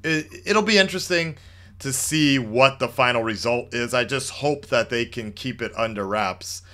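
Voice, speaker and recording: A man's voice: mid-range voice, normal speed, pushed and bright. A man hosting a casual call-in livestream, chatting loosely with lots of fillers and restarts. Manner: chatty, laid-back, many fillers and restarts. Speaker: livestream host taking calls.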